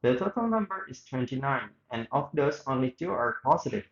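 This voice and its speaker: A man's voice: medium pitch, lively intonation, a little fast, vocal fry, reverberant, dull audio. A man reading aloud both the host and guest parts of an interview, with small slips and restarts. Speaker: student reading both sides of a radio interview. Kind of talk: read-aloud interview reenactment.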